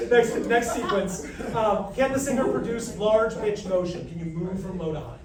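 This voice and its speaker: An American man, a vocal coach, teaching a live workshop, joking with the room and demonstrating pitches and animal sounds. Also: fairly quick, crowd noise. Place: large room with an audience. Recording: roomy, distant mic, faint noise.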